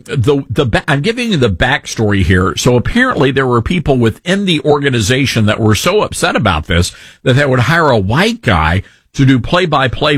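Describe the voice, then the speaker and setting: A man's voice: medium pitch, a bit bright, husky, dry recording. A man with a Southern accent hosting talk radio, ranting sarcastically in an opinionated way.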